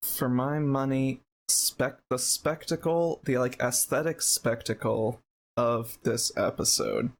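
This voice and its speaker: A man's voice: medium pitch, fairly even intonation, slow. A man co-hosting a casual podcast who talks enthusiastically and rambles, restarting his sentences often. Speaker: podcast co-host.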